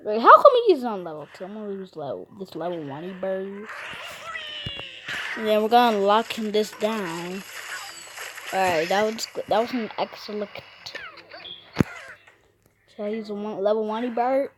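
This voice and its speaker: A woman's voice: mid-range voice, a little slow, pauses often, a crowd in the background, poor audio. A woman giving casual, playful commentary while playing a game, talking to the characters and cracking puns. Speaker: gamer.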